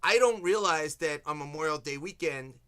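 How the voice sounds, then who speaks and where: Male host, bright and a bit high, animated anecdote-teller. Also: normal speed. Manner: animated storyteller, quoting people. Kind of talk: casual chat.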